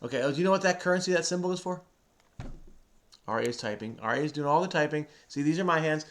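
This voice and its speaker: Talking fast and with plenty of expression, this man has a slightly high, somewhat bright voice. He hosts a crossword video, casually and patiently walking a child through the clues while the kid does the typing.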